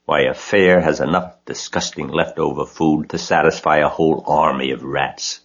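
A sly old sheep from a storybook, read by a man, savoring every word as she lists things slowly. The voice is very deep and husky, and the recording is dull and lo-fi. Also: fairly even intonation, heavily acted. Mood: tempting. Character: old sly female sheep, tempting talker.

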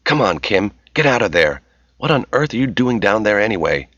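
A man's voice: lowish voice, very animated, brisk, a bit bright, husky, no echo, pitched above the performer's own voice, heavily acted. A man voicing an irritable, anxious woman who snaps and scolds over an earpiece link. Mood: anxious scolding. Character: anxious, bossy adult woman on the line. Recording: slightly dull dry recording.

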